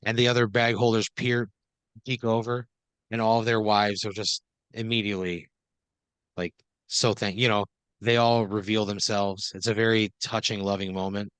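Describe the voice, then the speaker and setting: A man with a somewhat low voice improvises a comic adventure story, talking loosely and piling on fillers as he goes. The sound is dry and close, like a podcast mic. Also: level tone, normal speed, fairly bright tone, smooth, no echo. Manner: loose, rambling second-person storytelling with many fillers. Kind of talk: improvised comedic narration.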